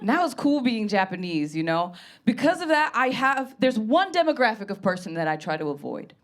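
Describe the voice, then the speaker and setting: A woman comedian with a high voice delivers a stand-up set. Her storytelling is brash and animated. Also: moderate pace.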